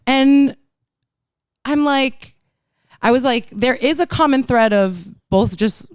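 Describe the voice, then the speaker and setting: A bubbly American woman hosting a podcast, chatting loosely with plenty of fillers. Her voice sits fairly high and sounds smooth and clear. The sound is close and dry. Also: takes it slowly, dry recording. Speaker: podcast host. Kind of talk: casual chat.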